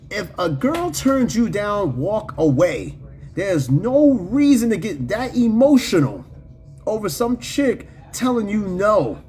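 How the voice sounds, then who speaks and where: Reading live-chat comments aloud, a male podcast host chats in a casual, slangy and profane way. His voice is high with a darkish tone, and he often drops fillers and laughs.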